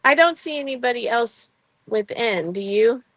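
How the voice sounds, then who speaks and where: Gravelly woman co-hosting a live sale. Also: on the high side, animated, moderate pace, fairly bright tone. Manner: friendly, checks orders aloud. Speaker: sale co-host. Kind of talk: casual live sale chat.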